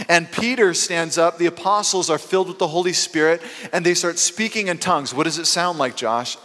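A male pastor preaching a sermon, telling stories with lively swings between loud bursts and quiet asides. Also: a little high. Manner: animated storytelling with quick swings in loudness. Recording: long hall reverb.

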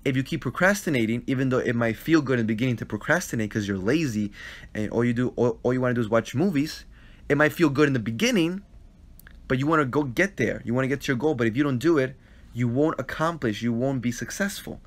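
A man's voice: medium pitch, quick pace. Earnest man giving advice on a phone stream. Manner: earnest and repetitive, checks in with "right?". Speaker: advice host answering viewer questions. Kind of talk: casual live-stream Q&A. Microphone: phone live stream.

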